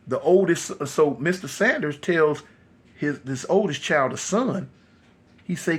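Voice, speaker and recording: A man telling a horror story casually, animated and loose with many fillers. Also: on the high side, a little slow, breathy edge.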